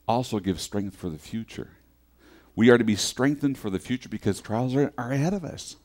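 A middle-aged man preaching in an earnest, conversational way. His voice sits a little low, and he often repeats a word as he restarts a thought. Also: animated, a little slow, long pauses, a little mellow. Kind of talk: sermon.

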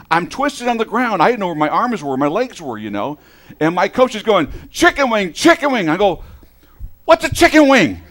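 Middle-aged male pastor, casual animated sermon delivery, slightly breathless. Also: fairly high pitch. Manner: animated storytelling, chatty and self-deprecating. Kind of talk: sermon with personal stories.

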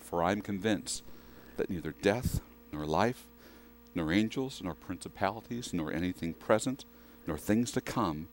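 A man preaching a sermon in a conversational way, often asking the congregation questions. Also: deep voice. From western United States.

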